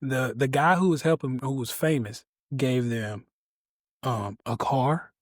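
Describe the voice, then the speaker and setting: A man guesting on a podcast, telling stories in a casual, animated way with frequent laughs. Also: unhurried, no echo, clean studio sound. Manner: animated storyteller who laughs often and jumps to high pitch. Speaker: podcast guest, resilience speaker. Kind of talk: casual interview chat.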